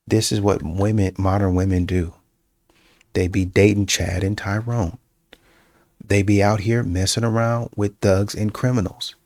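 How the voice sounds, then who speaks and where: A man with a low, gravelly voice holds forth in casual reaction commentary, repeating his points with emphasis and plenty of fillers. The sound is dry and close, with no room echo. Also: unhurried. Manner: repetitive and emphatic, with many fillers and restarts; breaks into mocking, animated quoting.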